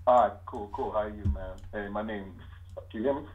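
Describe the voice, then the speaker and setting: A man calling in to a stream, talking in a relaxed, slangy way. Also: on the low side, a little fast. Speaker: caller. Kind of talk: casual phone call. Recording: tinny, glitchy phone line.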